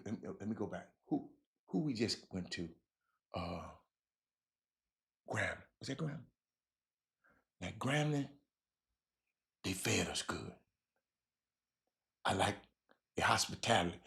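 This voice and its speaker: A man hosting a casual sports talk show, rambling and repeating himself with animated bursts. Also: fairly low pitch, creaky. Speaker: show host.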